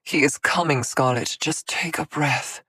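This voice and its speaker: A woman's voice: low voice, measured pace, bright, forceful tone, slightly rough, dry recording, full character voice. A woman voicing a protective male fae general who speaks in a firm, soothing, commanding way.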